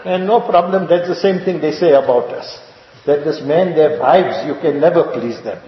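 A man's voice: on the high side, moderate pace. A man preaching a sermon, telling stories and asking the congregation rhetorical questions, repeating his points. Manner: rhetorical questions and repetition, storytelling. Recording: echoey lo-fi hall recording.

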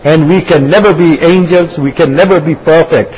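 A man's voice: a little high, normal speed, darkish tone. A man giving a sermon, explaining verses line by line and repeating words as he searches for them. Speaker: religious speaker. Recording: dull lo-fi recording.

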